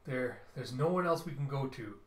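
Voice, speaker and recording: A man voicing a weary middle-aged father, speaking low and quietly. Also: animated, moderate pace, echoey room, close to an everyday voice. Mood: urgent.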